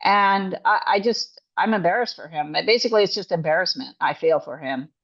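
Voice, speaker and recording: A woman's voice: fairly low pitch, fairly quick, fairly bright tone, muffled recording. A woman coach and author speaking as an interview guest, emphatic and indignant, often restarting her sentences. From Canada.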